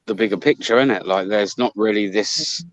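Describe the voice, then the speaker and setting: A man's voice: on the low side, normal speed. A man speaking frankly and reflectively in a casual chat, with plenty of swearing.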